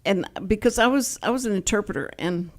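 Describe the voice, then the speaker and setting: A woman's voice: medium pitch, brisk. A woman with a Texan accent hosting a radio show, chatting and rambling into stories at a studio mic. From Texas. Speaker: radio host. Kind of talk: casual on-air chat.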